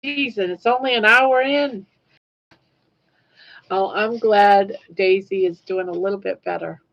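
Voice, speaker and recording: A woman's voice: mid-range voice, steady tone, a little slow, highs cut off. A woman in her sixties hosting a casual livestream, chatting emotionally with viewers and reading their comments. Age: 60s. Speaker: livestream host.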